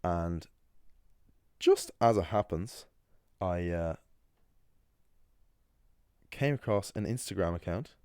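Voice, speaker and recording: Young guy, deep voice, chatty rambly monologue, dry close sound. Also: animated, slow pace, pauses often, warm tone, clear, resonant tone, no room sound. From Ireland. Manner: rambling, conversational, many fillers and restarts. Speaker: language channel host. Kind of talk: casual talking-head monologue.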